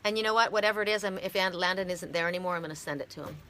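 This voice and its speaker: A middle-aged woman from Canada giving a heartfelt, halting oracle card reading on a live stream. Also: lowish voice, pushed and bright, a little hiss or hum.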